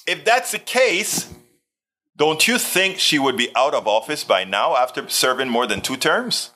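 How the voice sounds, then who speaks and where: Guy on a livestream reading out comments, bright voice, gets emphatic and repeats himself. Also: fairly high pitch, very animated, measured pace. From Hawaii. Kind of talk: casual political commentary.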